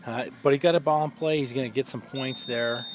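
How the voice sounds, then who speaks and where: A man's voice: medium pitch, steady tone, fairly quick, faint music behind. A man giving live long-drive golf commentary, chatty and explanatory, often using fillers.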